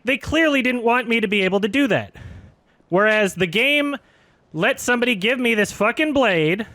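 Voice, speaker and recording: A man ranting over his gameplay on a live stream, exasperated and sweary, breaking into laughter as he goes. His voice sits a bit high and comes across bright and sharp. The sound is dry, with no room around it. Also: dry recording. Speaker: game streamer. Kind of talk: ranting live-stream commentary while gaming.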